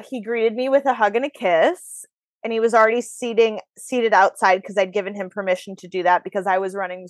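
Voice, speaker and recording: A woman's voice: medium pitch, a bit bright, no echo. A woman hosting a podcast, chatting frankly and casually about her dating life. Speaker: podcast host. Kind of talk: casual chat. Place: New York.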